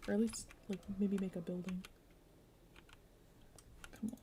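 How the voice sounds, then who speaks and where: A woman's voice: mid-range voice, level tone, measured pace, dark tone, slight background noise. Dry, teasing tired woman gaming. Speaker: gamer. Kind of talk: casual gaming chat.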